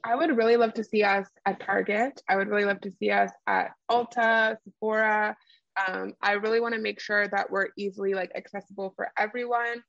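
A woman's voice: mid-range voice, fairly even intonation, a little fast, gravelly, a bit bright, no room sound, muffled recording. A woman who founded a skincare brand, explaining her products in an interview with lots of fillers and easy laughs. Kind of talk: conversational interview answers.

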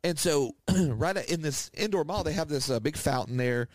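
A man's voice: fairly high pitch, expressive, normal speed, no echo. Rambling man telling a story on a podcast. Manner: rambling, filler-heavy storytelling. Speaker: podcast co-host. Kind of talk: casual storytelling chat.

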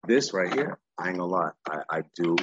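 A man's voice: sits low, animated, brisk, lo-fi sound, noisy background. A man talking as a guest in a candid, casual interview, streetwise and profane, rambling and often saying "you know what I'm saying".

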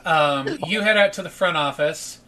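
A man narrating as game master of a tabletop role-playing game, breaking into loud shouted character lines. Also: on the high side, normal speed, slight background noise.

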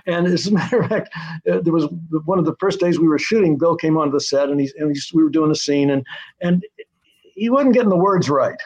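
An older man talks through his writing career in a loose, rambling way, with plenty of "uh"s and restarts. His voice sits a little high for a man. The recording is dull and lo-fi. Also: a little mellow. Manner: rambling, many fillers and restarts, taps out rhythms. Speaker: screenwriter and producer guest. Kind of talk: conversational interview storytelling. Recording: muffled lo-fi audio.

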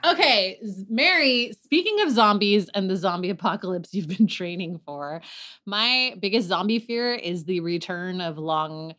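A woman's voice: medium pitch, animated, normal speed, fairly bright tone. Emphatic woman podcast host. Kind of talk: casual chat.

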